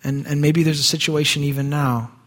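A male pastor preaching a sermon in a church, conversational, swinging from quiet asides to raised emphasis. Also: on the high side, steady tone, a little fast. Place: church sanctuary. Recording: long hall reverb.

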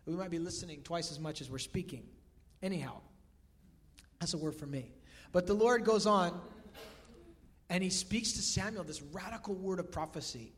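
A man preaching a sermon in a conversational, animated way, swinging between loud bursts and hushed, quiet lines. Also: sits high, normal speed, pauses often. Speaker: pastor.

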